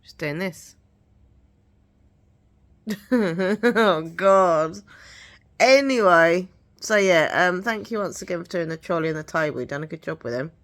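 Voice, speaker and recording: A woman's voice: fairly low pitch, expressive, a little slow, long pauses, a bit bright. A woman chatting casually in a home vlog, rambling and giggly, her voice a bit nasal from hay fever. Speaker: vlogger.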